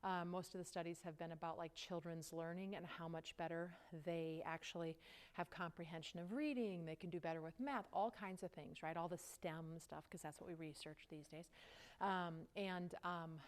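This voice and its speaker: Breathless, smooth-voiced woman teaching yoga. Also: on the low side. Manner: casual, chatty cues with frequent "right?". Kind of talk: guided yoga class instruction.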